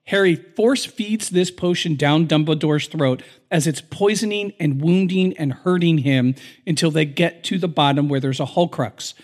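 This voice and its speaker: A man's voice: fairly high pitch, normal speed, few pauses, darkish tone. A man co-hosting a podcast, recapping a film in an earnest, emotional storytelling way. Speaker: podcast co-host.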